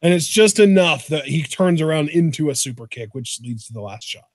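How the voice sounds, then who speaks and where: A man co-hosting a show in casual chat, excitable and swearing freely. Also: on the high side, brisk, dry recording, clean studio sound. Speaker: podcast co-host.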